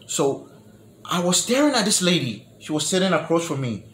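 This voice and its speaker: A man's voice: big pitch swings, normal speed, a bit bright. Storytelling man in an echoey room. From New York, United States. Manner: repeats and restarts words, drops to a low murmur for asides. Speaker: vlogger telling a personal story. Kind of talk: casual storytelling to camera. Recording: echoey room with faint noise.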